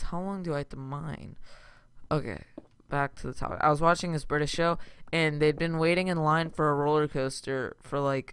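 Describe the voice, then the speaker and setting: A man chatting casually over his gameplay, wandering from topic to topic and breaking into loud yelps. His voice is bright and crisp with a gravelly fry. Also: a little high, no room sound. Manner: rambling, excitable, sudden loud outbursts. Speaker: gaming channel host. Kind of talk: casual let's-play commentary.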